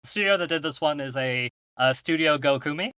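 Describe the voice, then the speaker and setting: A man co-hosts a podcast in loose, wry conversation, laughing often. His voice is bright and forceful. He is recorded close and dry. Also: on the high side, a little fast, smooth, dry recording. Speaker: podcast co-host. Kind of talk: casual podcast chat.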